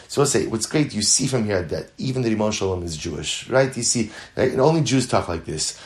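A man teaching a Talmud class. He speaks earnestly, repeats phrases for emphasis, mixes in Hebrew and Yiddish terms, and builds to lively, louder stretches. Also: on the low side, fairly quick, hardly any pauses. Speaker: Torah teacher.

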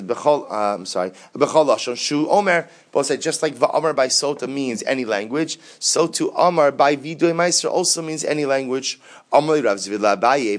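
A man leads a Talmud study lesson at a steady, middling pitch. He quotes each passage, translates it, and then works through it by repeating and rephrasing his points. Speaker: Talmud teacher.

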